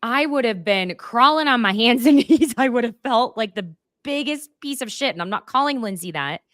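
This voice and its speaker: A woman's voice: a little high, expressive, normal speed, a bit bright, no echo, studio quality. A woman hosting a casual podcast, talking frankly and animatedly and acting out quotes. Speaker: podcast host.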